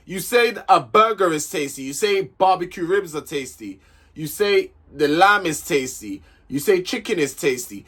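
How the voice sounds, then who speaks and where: A man's voice: fairly high pitch, moderate pace, breathy edge. Opinionated young man recapping a show. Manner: opinionated, animated, exclaims and repeats himself. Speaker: reality show recap host. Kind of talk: casual commentary.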